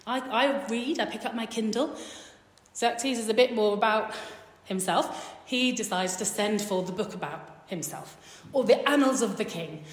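A woman retelling a Bible story in a sermon, chatty and humorous, with wry asides. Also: mid-range voice. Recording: echoey hall reverb.

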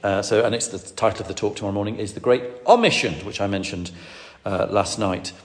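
Preacher echoing through a hall. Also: male voice, fairly low pitch, a little fast. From Lancashire, England. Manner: repeats words and restarts, emphatic. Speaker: preacher, ordained minister. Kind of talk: sermon. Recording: long hall reverb.

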